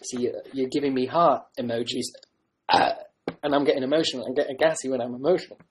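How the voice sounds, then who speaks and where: A man's voice: medium pitch, fairly even intonation, fast, slight background noise, rough recording. A man rambling on a livestream, joking and mocking himself as he tries to sign off, talking into a webcam mic at home. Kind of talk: rambling casual livestream chat.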